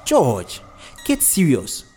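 An earnest, devout wife speaks insistently to her husband, voiced by a man reading the story. The delivery rises and falls in a lively way. Faint music plays behind. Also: medium pitch, slow pace, breathy edge, exaggerated voice.

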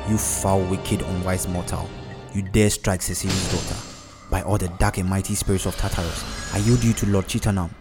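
Man doing a teenage sorceress girl, defiant, lively pitch, soft music behind. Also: brisk, lightly acted. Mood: menacing.

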